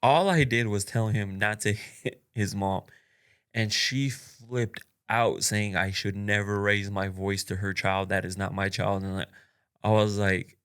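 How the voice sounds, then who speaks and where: A young man with a fairly low voice hosts his own podcast and talks straight to the listener. He is blunt and swears freely, laughs between his points, and fills his sentences with "like" and "uh". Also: fairly even intonation, a little slow, a bit bright, clear, resonant tone. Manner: blunt and profane, laughs often, many fillers. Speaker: podcast host. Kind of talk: casual solo podcast monologue.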